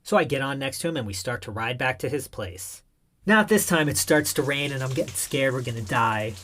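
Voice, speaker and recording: A man's voice: medium pitch, lively intonation, fairly quick, a bit bright. A man narrating a comic first-person story in an irreverent, wry tone.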